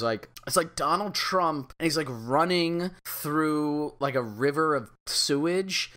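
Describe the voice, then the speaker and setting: A person in casual podcast chat, describing things haltingly with lots of fillers and animated asides. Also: medium pitch. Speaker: podcast participant.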